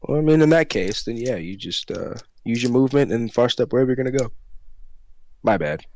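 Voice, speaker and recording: A man's voice: mid-range voice, lively intonation, fairly quick, a crowd in the background. A man running a tabletop game as dungeon master, loose and laughing, swearing casually.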